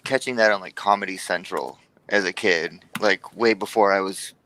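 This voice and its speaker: A man co-hosting a podcast in casual chat, telling relaxed stories and imitating what others said. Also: low voice, normal speed, rough recording. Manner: relaxed, storytelling, mimics others' remarks. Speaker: podcast co-host.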